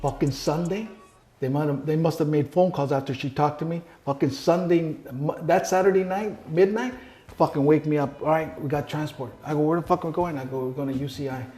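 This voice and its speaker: Middle-aged man, casual interview guest, blunt and foul-mouthed, slightly high voice. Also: a little fast, warm tone, soft background music. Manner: profane, blunt storyteller who acts out quoted dialogue. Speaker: guest telling his story. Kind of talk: casual sit-down interview, heavy swearing.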